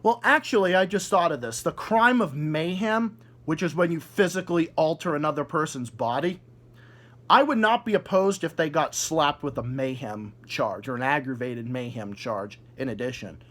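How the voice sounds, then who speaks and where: Angry profane man, high-pitched voice, ranting hard. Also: expressive, moderate pace. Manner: furious, profane, shouting insults. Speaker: video host. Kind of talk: angry rant.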